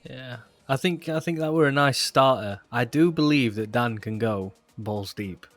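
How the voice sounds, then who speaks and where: A man's voice: mid-range voice, moderate pace, a bit bright, no room sound. A young man hosting a podcast in casual chat, laughing often and full of fillers. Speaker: podcast host.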